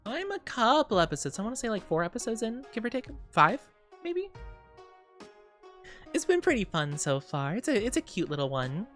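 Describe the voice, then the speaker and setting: A woman's voice: a little high, big pitch swings, moderate pace, a bit bright, faint music behind. A young woman streamer chatting casually with her viewers, rambling and giggling often.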